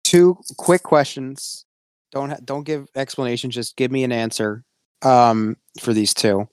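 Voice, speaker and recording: A young man with a smooth, resonant voice runs a casual sports podcast. He steers the conversation briskly and lists picks plainly, close to a dry mic. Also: mid-range voice, steady tone, dry recording. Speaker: podcast host running the segment.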